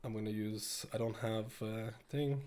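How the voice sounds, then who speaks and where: A young man with a slightly stuffy nose, giving casual gameplay commentary that jumps from steady explaining to excited bursts. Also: fairly low pitch, moderate pace. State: slightly stuffy, a little sick. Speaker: gameplay streamer.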